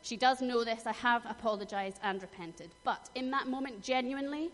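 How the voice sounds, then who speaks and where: A woman's voice: fairly high pitch, moderate pace, hardly any pauses. Earnest woman preaching in an echoing hall. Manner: earnest, personal storytelling with emphatic bursts. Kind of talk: sermon. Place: church hall. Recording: long hall reverb, faint noise.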